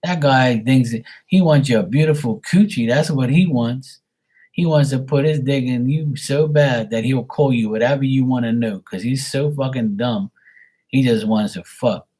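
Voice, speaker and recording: A man's voice: mid-range voice, normal speed, warm tone. A man chatting casually with viewers on his live tarot stream, blunt and swearing freely.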